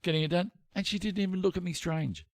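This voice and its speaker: A man's voice: sits high, steady tone, fast talker, vocal fry, no room sound. An older Australian man co-hosting a podcast, telling a rambling, self-mocking story in casual chat. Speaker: podcast co-host.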